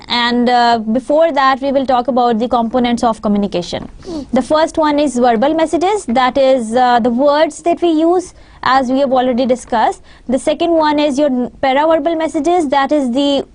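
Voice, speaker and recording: This high-voiced woman from Pakistan lectures over slides, sounding like she's addressing students. She fills her sentences with fillers and repeats phrases while explaining each point.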